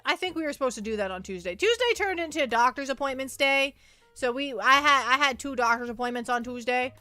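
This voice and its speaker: A woman's voice: high voice, bright, forceful tone, no room sound. A young woman streaming casually, rambling and stammering with many repeated words. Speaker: virtual streamer. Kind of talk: casual livestream chat.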